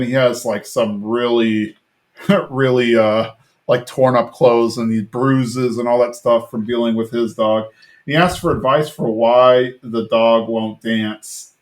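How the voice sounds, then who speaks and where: A man hosting a podcast, casually retelling a cartoon episode in a rambling way, full of fillers, briefly mimicking the characters' lines. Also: mid-range voice. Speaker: podcast host.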